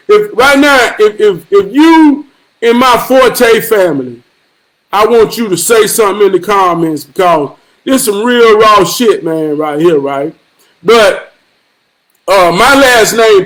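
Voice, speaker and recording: A man telling a family story in a profane, animated storytelling vlog, swearing freely. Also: high voice, poor audio. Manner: animated, swearing freely, repeating himself for emphasis. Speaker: vlogger.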